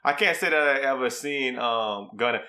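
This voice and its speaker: Bright-voiced young man, joking banter. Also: mid-range voice, moderate pace. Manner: joking, rambling storyteller. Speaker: podcast co-host. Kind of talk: casual chat.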